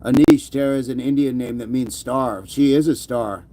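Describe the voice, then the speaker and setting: A man's voice: medium pitch, normal speed, warm tone, slight background noise. A middle-aged man hosting a casual livestream, reading chat comments and joking, now and then slipping into a mock movie-gangster voice. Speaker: livestream host.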